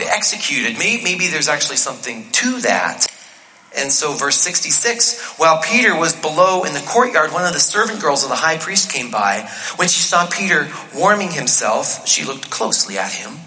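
A man preaching a sermon in a conversational, animated way, acting out the quotes in the passage. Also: on the high side. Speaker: pastor. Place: church auditorium. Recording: live reverb of a church hall.

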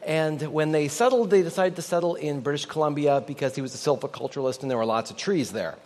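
A Canadian man preaching a sermon in an animated, joking way, getting the audience to repeat lines after him. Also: a little high, quick pace, long reverb tail. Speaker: pastor.

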